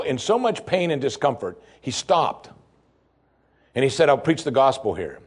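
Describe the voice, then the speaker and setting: A man preaching a sermon, lively and humorous, who drops his voice low and soft when quoting pleas. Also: slightly rough. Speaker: pastor.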